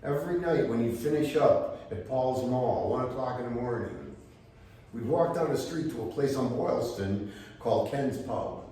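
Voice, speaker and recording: An older American man telling animated stories to a live library audience. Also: mid-range voice, moderate pace, slight background noise. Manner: animated anecdotes, quotes others in voices. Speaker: storyteller at a library talk. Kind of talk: live storytelling talk. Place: library event space. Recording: echoey room, mic from a distance.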